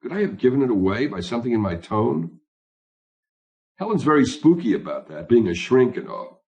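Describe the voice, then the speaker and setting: A man's voice: mid-range voice, big pitch swings, normal speed, a little mellow, highs cut off. A man narrating an audiobook in a wry first-person storytelling manner. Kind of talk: scripted narration.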